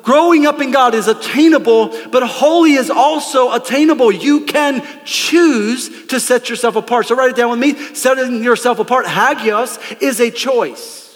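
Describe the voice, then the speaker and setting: A man preaching a lively, conversational sermon from a church stage, calling out to the congregation. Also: extremely high pitch, moderate pace, few pauses, long reverb tail. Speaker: pastor. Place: church sanctuary.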